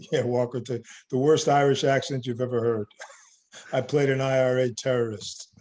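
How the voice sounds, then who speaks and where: An older man, a working actor, chatting casually in an interview, relaxed and self-deprecating, laughing often. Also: mid-range voice, moderate pace. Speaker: actor guest.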